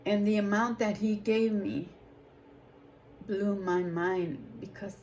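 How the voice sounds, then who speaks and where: Woman sharing her testimony real slow, gets loud and emphatic at times, little hiss behind. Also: mid-range voice, fairly even intonation, poor audio. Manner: slow, emotional testimony with rising emphatic outbursts. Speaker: ministry leader. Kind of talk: personal testimony.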